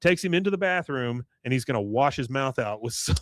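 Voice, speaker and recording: A man's voice: mid-range voice, animated, brisk, dry recording. A man co-hosting a podcast, casually retelling a cartoon episode and quoting its characters with frequent laughs. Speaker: podcast co-host.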